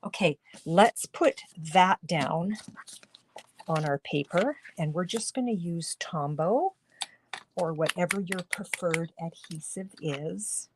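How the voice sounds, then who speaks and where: A woman's voice: on the low side, slow, background noise. A middle-aged woman demonstrating card making on a live stream, chatty and talking viewers through each step, with a tickle in her throat. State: throat tickle, coughing now and then. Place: home craft studio.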